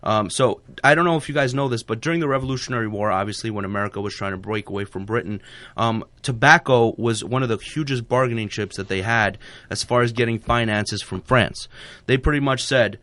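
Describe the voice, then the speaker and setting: Speaking briskly in a medium, fairly bright voice, a radio host rambles casually, full of fillers and restarts. He's recorded in a studio on a studio mic with no echo.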